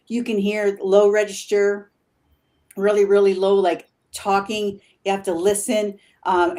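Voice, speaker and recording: A woman's voice: mid-range voice, a little mellow. Rambling woman paranormal investigator. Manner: rambling, halting with many fillers; laughs easily. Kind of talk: casual interview chat.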